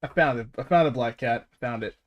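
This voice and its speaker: A man's voice: mid-range voice, brisk, lo-fi sound. Rambling, laughing male streamer. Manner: rambling, laughing, profane, many restarts. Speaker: podcast host and streamer. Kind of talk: casual stream chat.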